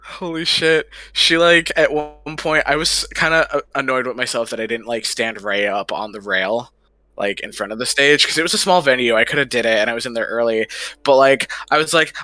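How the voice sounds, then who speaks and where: A man's voice: mid-range voice, fairly quick, sharp tone, dry recording. A man livestreaming, chatting casually in a rambling way and swearing freely. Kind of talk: casual chat.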